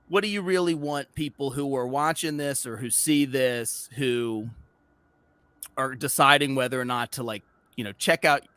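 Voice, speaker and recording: A man's voice: medium pitch, sharp tone, smooth, no room sound. A man interviewing a guest casually, asking rambling questions full of fillers.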